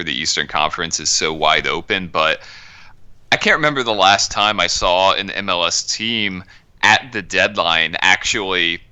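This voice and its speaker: A man giving measured, analytical soccer commentary on a podcast. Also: low voice, bright, forceful tone, clean tone. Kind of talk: podcast discussion.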